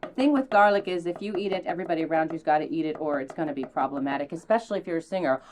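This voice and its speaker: A woman's voice: racing, background noise. Playful woman hosting a cooking show. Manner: theatrical, playful, bursts into high exclamations; sprinkles in mock French phrases. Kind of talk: casual cooking demonstration.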